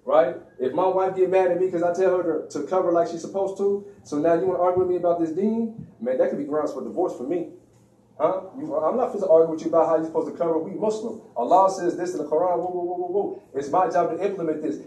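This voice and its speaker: Preachy, slangy man lecturing, mellow tone, a bit high, recorded off-mic. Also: fast talker. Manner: preachy, slangy, acts out quoted voices. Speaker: religious speaker. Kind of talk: informal religious lecture. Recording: echoey room, distant mic.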